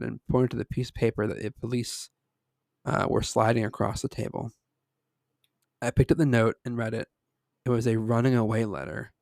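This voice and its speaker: A man's voice: fairly low pitch, creaky, darkish tone, no room sound, studio quality. A man reading a first-person horror story aloud in an earnest way, with small slips. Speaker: story reader.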